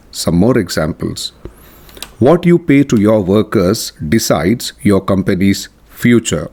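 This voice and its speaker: A man teaching a scripted grammar lesson, reading example sentences one at a time in a slow, measured way. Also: low voice, darkish tone. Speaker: English teacher.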